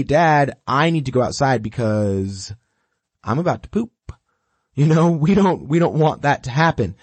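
Dog trainer guy, kinda husky voice, goes up and down a lot, bossy step by step coaching. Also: on the high side, dry recording. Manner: direct, repetitive step-by-step coaching; animated, acts out the dog's thoughts. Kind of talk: instructional talk.

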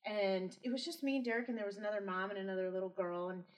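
A woman's voice: medium pitch, fairly even intonation, fast talker, distant mic, poor audio. A woman who is a mother, a guest on a podcast, talking candidly and restarting her sentences as she recalls things. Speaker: guest, mother of a son with disabilities. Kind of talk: casual podcast conversation.

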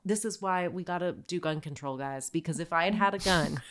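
A woman in her thirties co-hosting a podcast, telling a personal story in candid casual chat and acting out her own shouting. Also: fairly low pitch, fairly quick, slight background noise. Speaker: podcast co-host.

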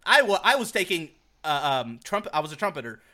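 A young man from Virginia co-hosting a podcast, telling stories in an animated, profane, laugh-filled casual chat. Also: on the high side, a little fast. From Virginia, USA. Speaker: podcast co-host. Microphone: podcast mic on a group call.

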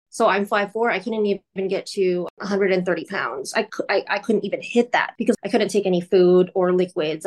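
Earnest woman telling her story. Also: mid-range voice. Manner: candid, earnest, recounting vividly. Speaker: guest. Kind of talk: personal storytelling interview.

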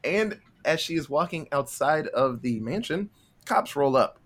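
A man's voice: on the high side, expressive, a little slow. A young man hosting a podcast, casually retelling a film's plot in a laid-back, swearing manner, often acting out the characters' lines. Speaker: podcast host.

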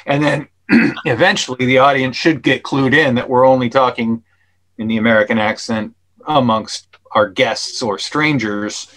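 A man's voice: mid-range voice, moderate pace, fairly bright tone, poor audio. A man guest on a podcast explaining his film at length, with many fillers and restarts. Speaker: actor and filmmaker guest. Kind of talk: casual interview chat.

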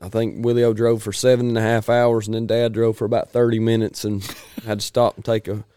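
A man, hosting a casual chat in a rambling, folksy way and clearing his throat often. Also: lowish voice, flat delivery, a little fast, dark tone, no room sound, studio quality.

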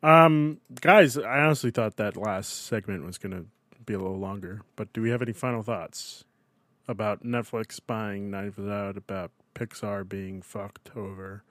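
A man's voice: lowish voice, moderate pace, a bit bright, no echo. A man hosting a casual podcast chat, loose and swearing freely. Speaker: podcast host.

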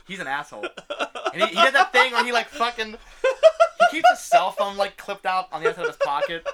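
A man's voice: high voice, huge pitch swings, fairly quick, bright, forceful tone. A young man telling a story in a casual chat, swearing freely and laughing often. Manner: profane, ranting, laughs often.

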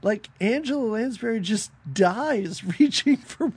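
A man's voice: sits high, lively intonation, unhurried, darkish tone, husky. A man co-hosting a podcast, chatting casually and sarcastically as he recaps a miniseries. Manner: sarcastic, acts out scenes in mock voices. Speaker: podcast co-host.

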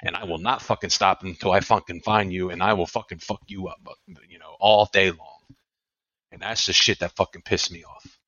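A man's voice: low-pitched, fairly even intonation, moderate pace, bright, forceful tone, dry recording. Furious swearing man in his thirties. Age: 30s. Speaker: podcast host. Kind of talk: angry profane rant. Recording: dull lo-fi dry sound.

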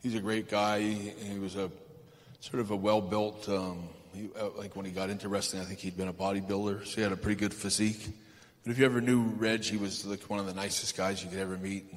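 Low-voiced man telling stories onstage. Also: flat delivery. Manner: rambling, halting with fillers, chuckling. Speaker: guest. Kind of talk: anecdotal storytelling on stage. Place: large event hall stage. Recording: reverberant hall, faint ambience.

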